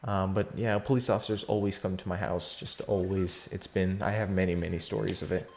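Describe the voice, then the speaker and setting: A man's voice: deep voice, fairly even intonation, fairly quick, vocal fry, a little mellow. A fourteen-year-old boy telling a story in a casual vlog, rambling with lots of fillers, slang and restarts. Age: teenager, fourteen.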